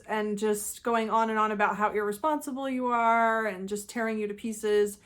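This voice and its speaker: A woman hosting a channel, giving an earnest, emphatic solo talk that explains things step by step. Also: mid-range voice. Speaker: host of a channel about narcissism.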